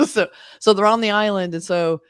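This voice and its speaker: Animated man retelling anime scenes. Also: high voice, a little slow, smooth, dry recording, studio quality. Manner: animated storyteller who laughs easily. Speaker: anime reviewer. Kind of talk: casual podcast chat.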